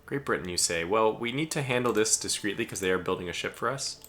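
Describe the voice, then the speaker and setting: A man's voice: on the low side, expressive, quick pace, a bit bright, slight background noise. An American man casually commentating his own live strategy game stream, chatty and chuckling as he barks orders at his ships. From United States.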